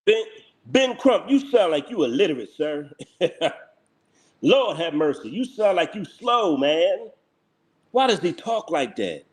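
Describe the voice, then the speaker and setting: A man's voice: on the high side, big pitch swings, a little slow. A man with a Philadelphia accent, hosting a live reaction stream, bluntly ranting and scolding his chat. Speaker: livestream host.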